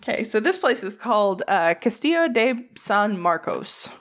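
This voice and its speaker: At medium pitch and a moderate pace, this woman speaks in a sing-song way. She's a weary Southern podcast co-host reading facts on a casual show, cracking profane jokes and tripping over names.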